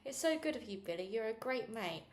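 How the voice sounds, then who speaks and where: A woman's voice: fairly high pitch, lively intonation, a little fast, a little hiss or hum, natural voice. A woman reading aloud, voicing a kind, worried working-class father who speaks tenderly and calls his daughter darling and pet. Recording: echoey room.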